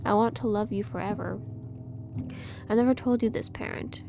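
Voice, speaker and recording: A woman's voice: medium pitch, fairly even intonation, moderate pace, background noise, close to an everyday voice. A woman voicing a male artificial child creature who talks in a pained, pleading way to the one who raised him.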